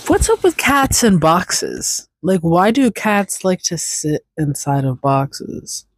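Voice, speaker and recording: Woman podcast host, casual solo chat, unhurried and rambling, dry close sound. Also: on the low side, big pitch swings, breathy edge, no room sound. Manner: rambling, chatty, talks to her cat.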